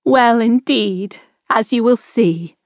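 A woman reading an audiobook, voicing a gentle, fond medieval noblewoman who is eager to please. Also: a little high, normal speed, dry recording, studio quality, pitched above the performer's own voice, lightly acted. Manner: warm, soft-spoken, anxious to please.

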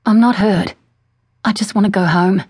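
A woman's voice: medium pitch, fairly even intonation, normal speed, a little mellow, husky, no room sound, voice pushed up, natural voice. A woman voicing a young impostor who plays a timid, fragile victim in a small, pleading voice.

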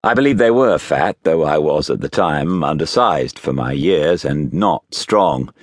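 A man narrating a classic novel as an audiobook, in an expressive, measured storytelling manner. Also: rumbling low, no echo, studio quality.

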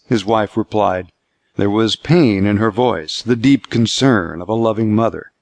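A man reading scripted narration for an audiobook in a measured, steady way. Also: fairly low pitch, vocal fry, no echo.

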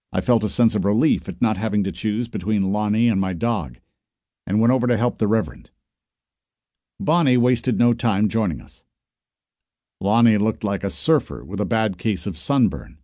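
A man reading a first-person mystery story, with dry narration and lively character voices. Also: on the low side, no room sound. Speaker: audiobook narrator. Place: studio booth.

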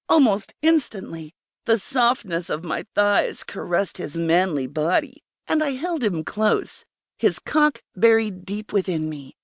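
A woman narrating a first-person erotic story in a slow, breathy, intimate way. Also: fairly low pitch, sing-song, dry recording, studio quality. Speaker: audiobook narrator.

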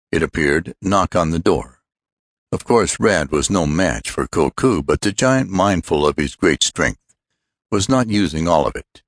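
Man, audiobook narration, very deep voice, measured, dry close sound. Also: no room sound. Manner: measured, storytelling. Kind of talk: scripted narration.

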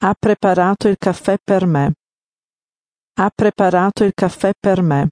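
A native speaker giving the model answers in an audio lesson, saying each phrase clearly twice. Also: medium pitch, normal speed, darkish tone, no room sound, clean studio sound. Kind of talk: slow repeated example phrases.

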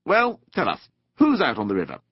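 A man's voice: medium pitch, wildly swooping pitch, brisk, husky, no echo, pitched above the performer's own voice. A man doing a hearty, chummy water rat. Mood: chatty. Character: cheerful confident male water rat. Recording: dull dry studio recording.

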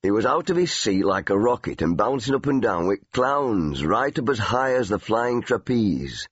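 A man's voice: fairly low pitch, sing-song, normal speed, breathy edge, no echo. A man voicing a blunt, teasing old northern grandfather in an audiobook, dry and matter-of-fact. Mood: proud. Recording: dull, dry studio recording.

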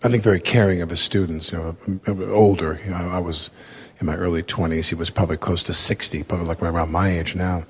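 A man in his fifties with a raspy voice, talking candidly and rambling a little as a guest in a studio interview. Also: deep voice, flat delivery, quick pace. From United States. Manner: rambling, many fillers and self-corrections. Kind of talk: candid conversational storytelling.

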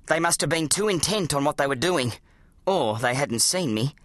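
An audiobook narrator, telling a children's adventure story in an animated, dramatic way. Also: medium pitch, normal speed, no room sound. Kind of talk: scripted narration of a children's book.

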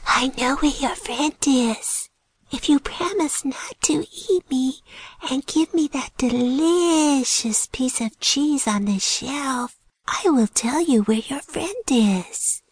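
A woman voicing a tiny brown mouse who bargains slyly, speaking in a hushed whispery squeak. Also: lively intonation, slow pace, dry recording.

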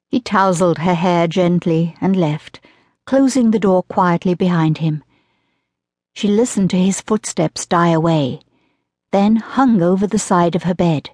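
A woman narrating an audiobook in an even, measured storytelling voice. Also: lowish voice, dry recording, studio quality. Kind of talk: scripted narration of a historical romance.

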